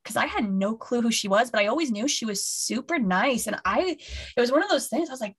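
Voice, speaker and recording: A woman's voice: fairly high pitch, animated, fast talker, slightly rough. A woman co-hosting a fan podcast in casual chat, gushing and rambling with many restarts over a remote call. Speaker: podcast co-host.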